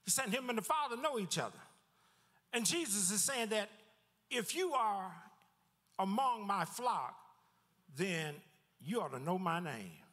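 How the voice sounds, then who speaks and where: High-voiced preaching man in a reverberant church. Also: a little slow, pauses often. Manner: lively preaching with repeated words and sudden drops in pitch. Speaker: pastor. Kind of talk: sermon. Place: church sanctuary.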